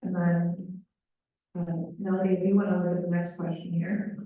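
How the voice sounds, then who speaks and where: A woman voicing a panelist's signing into speech at a live panel, brisk and conversational with fillers. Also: on the low side, level tone, phone-quality sound. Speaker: sign language voice interpreter. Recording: echoey room, far from mic.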